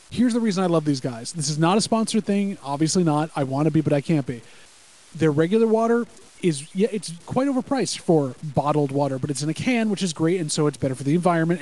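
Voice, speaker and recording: Fast-talking man on a podcast call. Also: a little high, darkish tone, poor audio. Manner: rapid, enthusiastic rambling with profanity. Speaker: podcast co-host. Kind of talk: casual live-reaction chat.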